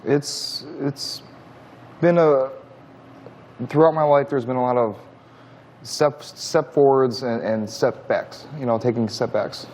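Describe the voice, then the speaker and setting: A man in his thirties, a talk show guest answering questions in a halting, defensive way with many restarts. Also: medium pitch, darkish tone. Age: 30s. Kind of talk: studio interview answers.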